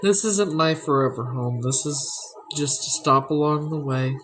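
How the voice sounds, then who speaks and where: A woman's voice: low-pitched, measured pace, fairly bright tone, slight background noise, poor audio. A woman chatting candidly on a livestream from her home, blunt, rambling and swearing freely. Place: at home indoors.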